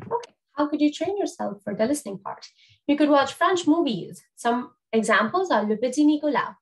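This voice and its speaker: A woman's voice: on the high side, rough recording. A young woman French teacher explaining an exam to learners in a chatty way, with frequent fillers and restarts.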